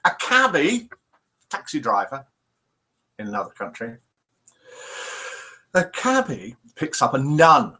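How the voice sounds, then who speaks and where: Male host, playful and chatty, animated and bright, slightly high voice. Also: slow, long pauses. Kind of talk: live chat show, reading jokes.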